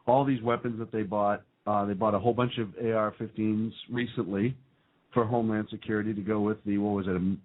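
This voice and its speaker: Talk radio co-host, male, rambling with ums, tinny narrow sound. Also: fairly low pitch. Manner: rambling, reads lists with fillers. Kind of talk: casual talk radio chat. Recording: phone-like narrow band.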